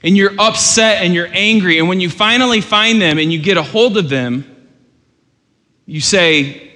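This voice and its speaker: A man preaching a sermon as pastor, earnest and rising to loud, urgent questions. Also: high voice, moderate pace. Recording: long hall reverb.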